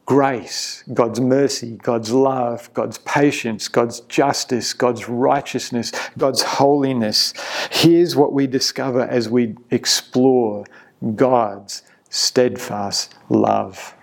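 A man's voice: medium pitch, fairly even intonation, slow pace. A man preaching an earnest, emphatic sermon as pastor, often repeating a word as he builds a point.

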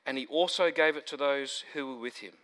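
A man preaching an expository sermon, emphatic, building to stressed points and then dropping low. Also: a little fast, fairly bright tone. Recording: long hall reverb.

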